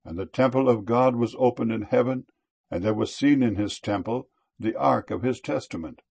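A man giving a solemn scripture reading, with measured, deliberate phrasing and slow, emphatic stresses. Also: mid-range voice, gravelly, a little mellow, slightly rough.

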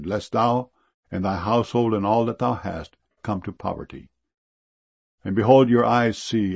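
Earnest, commanding ruler read by a man, deep gravelly voice, solemn scripture reading. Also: no room sound. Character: powerful man revealing himself to his brothers.

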